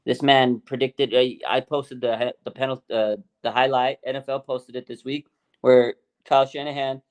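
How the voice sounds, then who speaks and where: A man co-hosting a fan show, talking excitedly and repeating names for emphasis, his voice climbing high and loud as he gets worked up. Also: normal speed. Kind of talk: excited casual sports talk.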